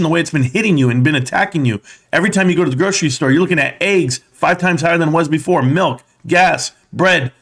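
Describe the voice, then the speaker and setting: A man's voice: a little high, a bit bright. A man hosting a casual livestream, rambling and asking rhetorical questions. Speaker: host.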